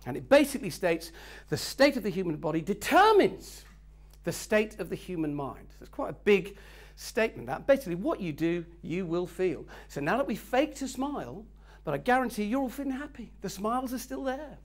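Cheeky man leading a lively workshop. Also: sits high, fairly quick. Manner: cheeky, joking, teasing the audience. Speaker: workshop speaker. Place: meeting room with a live audience.

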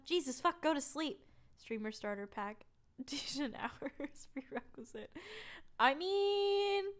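Woman streamer, casual chat, rambling, swears a lot, smooth bright voice. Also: fairly high pitch.

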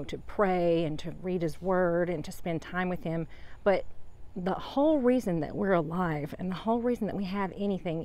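A woman's voice: lowish voice, darkish tone. A woman chatting casually outdoors in her home garden, rambling about her plants and sharing heartfelt thoughts on faith. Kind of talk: casual garden tour vlog. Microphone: handheld phone camera.

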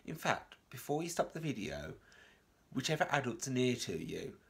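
A man's voice: mid-range voice, very animated, moderate pace, vocal fry, fairly bright tone. A man teaching a reception class remotely, reading a picture book aloud with gasps and questions to the children. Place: home, remote lesson video.

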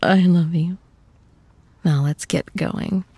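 A fiercely protective, tough girlfriend who is learning to be gentle, voiced by a young woman in an intimate audio role-play. Her voice sits low and moves slowly, with plenty of gravelly fry. She speaks softly to the listener and often drops into a husky half-whisper, in a dry, close setting. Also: fairly even intonation, no echo, heavily acted. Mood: affectionate. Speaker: voice actor.

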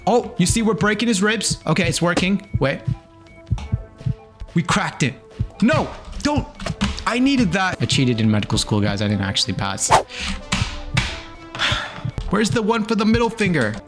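A young man giving frantic, self-mocking commentary while playing a video game, swearing now and then. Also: a little high. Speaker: gaming streamer. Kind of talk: gameplay commentary. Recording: music playing behind the voice. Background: background music.

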